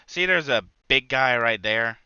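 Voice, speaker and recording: A man's voice: mid-range voice, expressive, unhurried, sharp tone, smooth, no room sound, highs cut off. A man hosting a gaming channel, rambling through live gameplay commentary with lots of filler words and restarts.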